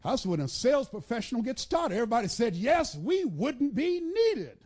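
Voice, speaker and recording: A man giving a motivational speech to a live audience, in a preacher-like cadence that builds with repetition and breaks into shouts, telling the crowd to repeat after him. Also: very high voice, big pitch swings, normal speed. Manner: commands the audience to repeat and write things down. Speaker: motivational speaker.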